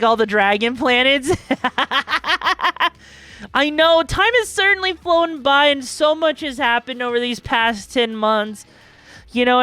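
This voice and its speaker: This bubbly, high-voiced streamer has a slightly bright, clear, resonant tone, recorded dry on a close mic with faint music in the background. She chats casually with her viewers on a live stream, talking straight to chat and drifting into rambling asides.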